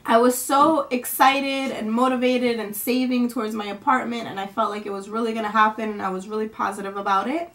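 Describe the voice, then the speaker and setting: Young woman with a higher-pitched voice, venting to camera at home, rambling and frustrated. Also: steady tone, fairly quick, few pauses, fairly bright tone. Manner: rambling, frustrated, swears casually. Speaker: vlogger.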